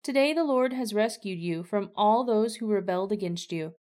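A formal male messenger speaking before a king, read by a woman in a scripture reading. His words come courtly and measured. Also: mid-range voice, a little mellow, natural voice.

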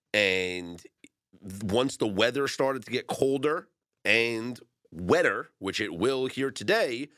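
An opinionated, jokey man co-hosting a sports betting show. His pitch swings widely as he makes his points, which gives him an animated delivery. The studio sound is dry and close. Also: no room sound. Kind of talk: casual sports chat.

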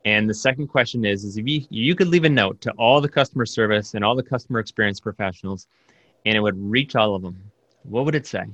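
A man's voice: lowish voice, fast talker, fairly bright tone, no echo, muffled recording. A man interviewing a guest, asking his questions plainly and affirming the answers briefly.

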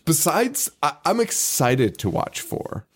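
A male podcast co-host retells a movie in loose, casual chat. He laughs through his sentences, swears freely, and slips into quick impressions of the characters. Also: fairly high pitch, wildly swooping pitch, breathy edge. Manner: laughs often, swears, acts out quotes.

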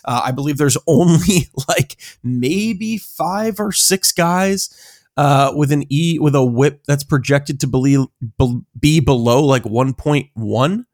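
A man's voice: fairly high pitch, takes it slowly, a little mellow, no echo, clean studio sound. Hesitant man chatting on a podcast. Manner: hesitant, many fillers, laughs easily. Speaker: podcast co-host. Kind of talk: casual sports podcast chat.

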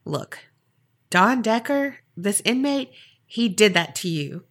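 A woman's voice: medium pitch, very animated, slow, a bit bright, exaggerated voice. A woman voicing a jumpy male prison guard in a retold story, urgent and pushy.

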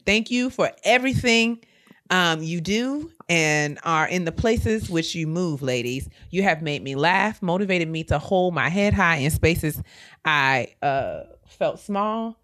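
A woman co-hosting a podcast, reading listener letters aloud with animated, affectionate banter. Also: fairly low pitch. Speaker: podcast co-host.

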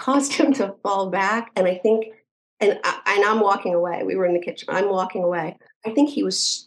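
Low-voiced woman telling her story. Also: rough recording. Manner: earnest, detailed retelling with frequent restarts. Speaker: podcast guest. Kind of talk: personal storytelling interview.

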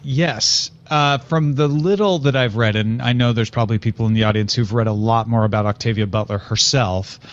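A man's voice: medium pitch, no room sound. Man co-hosting a book podcast, dull sound. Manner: thoughtful, explains at length with frequent fillers. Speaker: podcast co-host. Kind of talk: casual book discussion.

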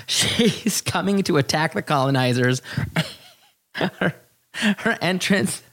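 A man hosting a podcast, talking in animated, exasperated, profane bursts that leap up high. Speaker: podcast host. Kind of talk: casual podcast commentary.

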